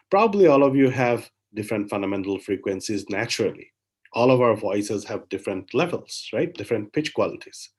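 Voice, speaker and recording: A man with an Indian English accent giving an academic lecture online, explaining step by step and often checking in with "right?" between filler pauses. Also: mid-range voice, a little mellow.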